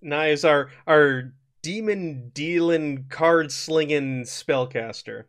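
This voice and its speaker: A man's voice: on the high side, fairly bright tone. A man hosting a tabletop role-playing session as game master, upbeat and explaining the setting and rules as he goes. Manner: upbeat, quick to laugh, explains rules on the fly.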